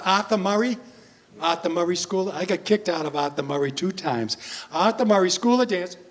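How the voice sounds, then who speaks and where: A male entertainer joking and chatting with a senior audience between sing-along songs at a live show. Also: sits high. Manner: jokey, playful, chats with the audience. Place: performance room at a senior residence. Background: backing music.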